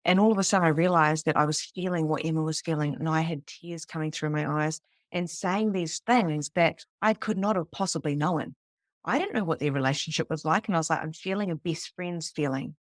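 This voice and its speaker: A New woman in her thirties telling a personal story to a live group, animated and casual, swearing freely. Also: low voice, brisk, no room sound, clean studio sound. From New Zealand. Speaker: psychic medium teaching beginners.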